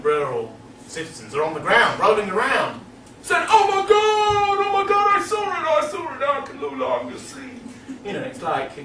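A man's voice: medium pitch, sharp tone, recorded from a distance, slight background noise. A man giving a rambling, amused talk about a story, with plenty of hesitations, recorded away from the mic in an echoey room. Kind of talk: casual lecture talk.

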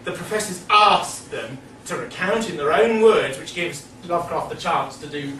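A man's voice: a little high, lively intonation, normal speed, pushed and bright, recorded from a distance, a little hiss or hum. A man giving a rambling, amused talk about a story, with plenty of hesitations, recorded away from the mic in an echoey room. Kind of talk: casual lecture talk.

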